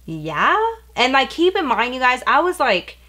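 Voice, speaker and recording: A young woman beauty vlogger tells a story in a loose, chatty way while she gets ready. She is animated and blunt, and she fills her sentences with "like" and casual slang. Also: high-pitched, moderate pace.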